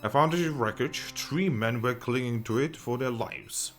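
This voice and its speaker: A man's voice: mid-range voice, measured pace, fairly bright tone, soft background music, pitched above the performer's own voice. A man voicing a proud, contented male shipwright who talks in old-fashioned formal phrases. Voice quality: archaic formal speech.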